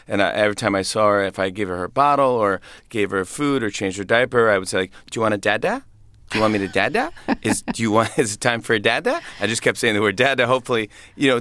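A man's voice: lowish voice, fairly bright tone, no room sound. A man in his thirties, a comedian, chatting in an interview, laughing often and acting out voices in his stories. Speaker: comedian and guest. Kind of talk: interview conversation.

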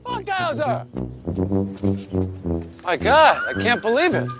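A man playing an excitable, loud man who shouts in disbelief in a TV comedy clip. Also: very high-pitched, slow pace, no echo, faint music behind, voice pushed up, heavily acted. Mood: incredulous. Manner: shouting, incredulous.

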